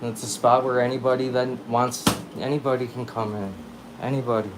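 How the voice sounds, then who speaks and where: At home with his cat, the livestream host talks through his phone in a relaxed, meandering style packed with slang. Here his mid-range voice comes across flat and brisk, with noise in the background.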